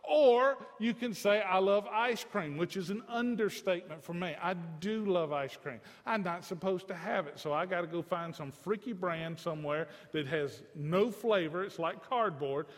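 A man's voice: high-pitched, expressive, normal speed, few pauses, long reverb tail. A man preaching a sermon to a congregation, with a conversational, joking manner. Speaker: pastor.

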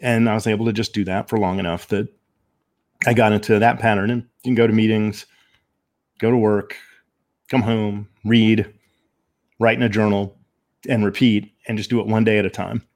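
A man talking as a podcast guest, telling his personal story in a candid, reflective, measured way with frequent pauses and ums. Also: lowish voice, level tone, darkish tone.

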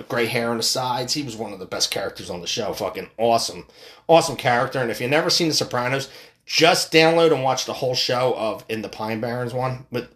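A man's voice: mid-range voice, a bit bright. A middle-aged man hosting a solo podcast, ranting in a profane, rambling way with frequent restarts. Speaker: podcast host.

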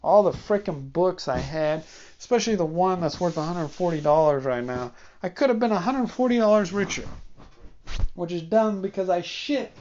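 Speaking straight to his listeners, a man with a stuffed-up nose rambles through his solo podcast, wry and quick to poke fun at himself. His voice is high and a little mellow, with lively intonation at a normal speed. The recording is muffled, with slight background noise.

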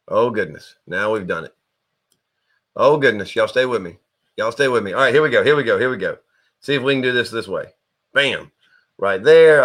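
A man, hosting a live online show in a chatty, rambling way with jokey shout-outs to viewers. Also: lowish voice. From American South. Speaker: host.

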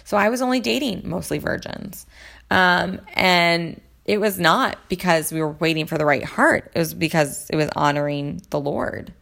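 A woman's voice: lowish voice, normal speed, gravelly, fairly bright tone. A woman in casual chat, recapping reality TV in a chatty, gossipy, rambling way, full of fillers. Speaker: reality TV commentator.

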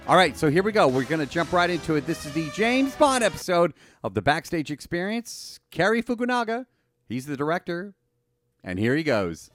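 A man hosting a podcast in casual chat, excitable, chatty and playful. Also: on the high side, brisk, soft background music. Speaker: podcast host.

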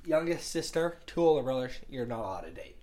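A man in his thirties telling stories in a casual chat, animated, swearing freely and laughing as he talks. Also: medium pitch, fast talker. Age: 30s.

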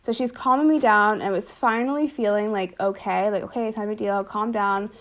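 A woman's voice: medium pitch, steady tone, fairly quick, fairly bright tone. A young woman telling a personal story in casual conversation, chatty and full of fillers, laughing now and then. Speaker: older sister telling her story.

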